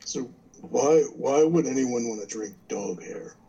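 A man speaking in character at a tabletop game, calm and giving dry advice. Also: medium pitch, a little slow, highs cut off. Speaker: player.

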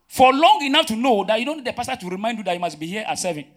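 A man, preaching a sermon as pastor, calling out questions and swinging between loud emphatic bursts and quiet asides. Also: high voice, big pitch swings, very fast, few pauses. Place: church.

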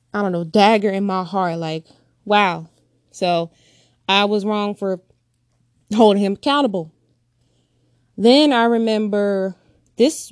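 A young woman telling a painful personal story in an earnest, emphatic way, repeating phrases and raising her pitch to act out what others said. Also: darkish tone, no echo, clean studio sound. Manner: acts out quoted voices with raised pitch.

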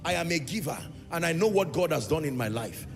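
Gravelly preacher in an echoey hall. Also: male voice, fairly high pitch, lively intonation, a little fast, faint music behind. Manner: emphatic preaching with repeated phrases and sung lines. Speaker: pastor. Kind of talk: sermon.

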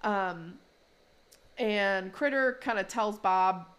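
A woman in the middle pitch range chats through a casual recap. She talks loosely and laughs often, and her speech is full of fillers. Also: very slow, a bit bright. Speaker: podcast host.

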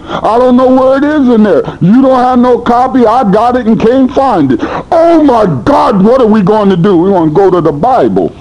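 A man preaching a sermon in a blunt, colloquial manner, swinging between high and low in animated bursts. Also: a little fast, muffled recording. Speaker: pastor.

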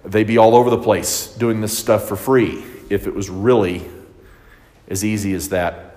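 A man's voice: on the low side, fairly even intonation, moderate pace, a little mellow. A man teaching a Bible study in a loose, conversational way, with many fillers and restarts, recorded in a church hall. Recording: long reverb of a hall.

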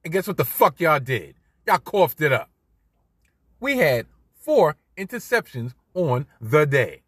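Middle-aged new guy ranting about football, husky, swings all over in pitch. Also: a little slow, no echo. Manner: animated, swears freely, swings loud. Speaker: podcast host. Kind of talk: solo sports commentary podcast.

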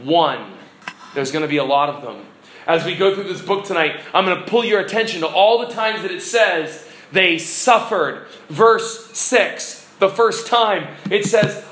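A man's voice: high-pitched, measured pace, sharp tone, roomy sound, rough recording. A man preaching a sermon as pastor, earnest and exhorting, putting questions to the congregation.

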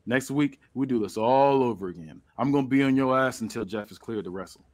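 A man voicing a cruel, gloating male wrestling villain who draws out his threats slowly. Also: medium pitch, lightly acted. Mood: menacing.

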